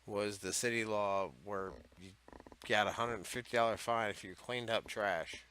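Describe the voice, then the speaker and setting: Male host, sharp bright voice, loose sarcastic rambling commentary with swearing. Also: lowish voice, steady tone, unhurried, a little hiss or hum. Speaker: host of a comedy series on odd laws. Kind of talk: casual comedic commentary.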